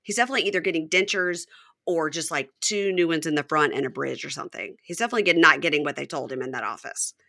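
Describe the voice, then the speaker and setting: A woman's voice: low voice, fast talker, vocal fry. A woman hosting a podcast, recapping a reality show in casual chat and acting out the people she quotes. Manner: acts out quoted lines in animated voices, swears casually. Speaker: podcast host.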